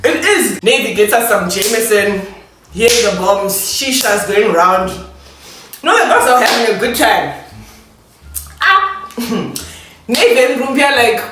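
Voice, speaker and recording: A woman's voice: on the high side, animated, slow, long pauses. Young woman telling a story, echoey. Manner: chatty, laughing, talks while eating. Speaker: vlogger. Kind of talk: casual storytime vlog. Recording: echoey room, distant mic, faint noise.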